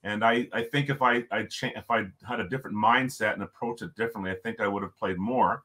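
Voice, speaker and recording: Middle-aged man with a low voice, lively storyteller who chuckles often, podcast guest. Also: fast. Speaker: podcast guest, former hockey coach. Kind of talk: storytelling in conversation.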